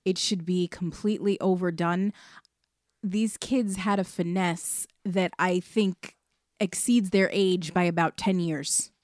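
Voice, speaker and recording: Woman co-host from New York, calm and measured in debate, dry close sound. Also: on the low side, no echo. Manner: measured, pushes back calmly. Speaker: podcast co-host. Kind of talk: casual review chat.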